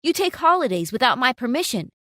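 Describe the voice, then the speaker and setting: A stern cafe owner lays down the law in a firm, scolding tone, voiced by a woman. The pitch sits fairly high and moves a lot, recorded close and dry for a storytime video. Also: big pitch swings, brisk, sharp tone, no room sound, full character voice. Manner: scolding, authoritative. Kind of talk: storytime narration.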